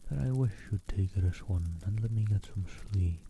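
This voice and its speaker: A man's voice: on the low side, moderate pace, slight background noise, close to an everyday voice. A man voicing a tired, grumbling male dragon who is minding a baby, in a whispered role-play. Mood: weary. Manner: soft, hushed and plaintive.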